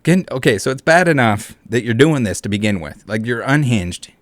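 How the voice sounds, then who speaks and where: A man's voice: mid-range voice, expressive, normal speed, few pauses, no room sound. A man hosting a casual commentary video, reading comments and a news article aloud with sarcastic, mocking asides and frequent swearing. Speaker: YouTube commentator.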